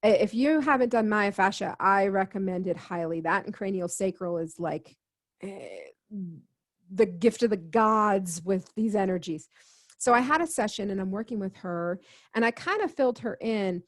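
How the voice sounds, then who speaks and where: A woman appearing as a guest healer in an interview tells a personal story earnestly, in an expressive mid-range voice at normal speed. She acts out the dialogue, quoting herself and others as the story unfolds.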